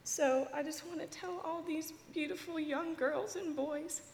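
Tearful young woman, high voice, echoey church. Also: steady tone, measured pace, darkish tone, slight background noise. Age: 20s. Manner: tearful, earnest, shaky. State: crying. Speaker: church member giving testimony. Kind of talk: emotional testimony at church service. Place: large church with balcony. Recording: echoey church hall with long reverb.

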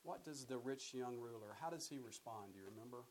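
A man's voice: medium pitch, fairly quick, darkish tone, poor audio. Casual male Bible teacher, mid-range voice, restarts and questions to the room, faint tape hiss. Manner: conversational, repeats words, asks the group questions. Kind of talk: sermon-style Bible teaching.

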